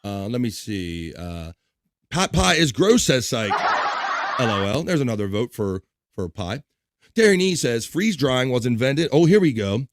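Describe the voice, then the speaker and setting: A man's voice: medium pitch, very animated, a little slow, dry recording. A man hosting a casual livestream, joking around and reading viewer comments aloud. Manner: upbeat, jokey, reads chat messages aloud. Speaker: livestream host.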